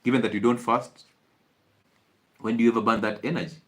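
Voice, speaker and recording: A man's voice: medium pitch, fairly even intonation, a little fast, a bit bright. A man with a Kenyan accent, a doctor giving an emphatic, rhetorical health talk that repeats its points for effect.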